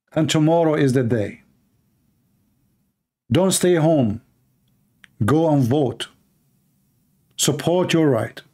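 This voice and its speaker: With a slightly mellow voice on the high side, a Middle Eastern man with an Arabic accent preaches. As a Christian preacher giving a fiery political sermon, he repeats short, punchy lines in emphatic exhortation.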